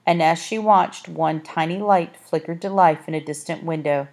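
A woman narrating a children's novel in a measured, expressive storytelling manner. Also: sits low. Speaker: audiobook narrator. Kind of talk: scripted narration.

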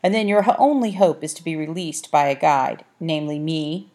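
Haughty talking cat, played by a woman, dry, clipped, brusque, condescending, lowish voice, storybook. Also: moderate pace, a little mellow. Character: haughty brusque orange tomcat guide.

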